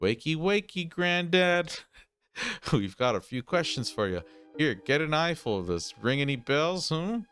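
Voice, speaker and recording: A man's voice: a little high, very animated, measured pace, a bit bright, voice pushed up. A man voicing a brash, pushy young female thief with a mocking, needling manner.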